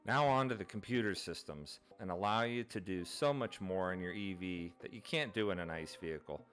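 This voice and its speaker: A man hosting his own channel, narrating an informative explainer in a steady, methodical way, going through items one by one. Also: sits low, brisk, soft background music. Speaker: channel host.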